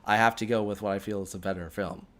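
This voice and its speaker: A man's voice: lowish voice, steady tone, fast, a bit bright. A man hosting a live comedy podcast in a casual, talkative way. He laughs often and circles back on his own sentences as he works through his points. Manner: laughs often, rambling with restarts. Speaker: podcast co-host. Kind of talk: casual banter.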